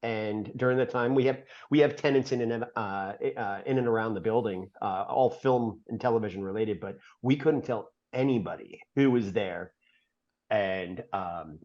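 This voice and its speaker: A man guest on a podcast telling a rambling story in a casual way, full of "uh"s and quick laughs. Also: lowish voice, a little mellow, lo-fi sound. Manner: rambling, filler-heavy, laughs often mid-story.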